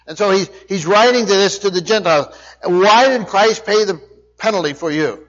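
Male preacher, high voice, explanatory teaching sermon, dull lo-fi sound. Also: normal speed, fairly bright tone. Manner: explanatory, questions to the congregation. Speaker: Bible teacher.

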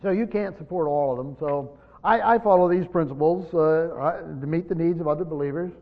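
A man's voice: a little high, a little fast. A man leading a Bible study in a conversational, explanatory way, often restarting his phrases. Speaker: Bible teacher. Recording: dull lo-fi recording in a reverberant hall.

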